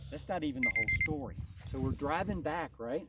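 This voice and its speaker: A man telling a personal story in a casual, animated way, often checking in with "right?". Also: on the high side, brisk, very noisy. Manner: animated, tags lines with "right?". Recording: distant mic, loud crickets outside.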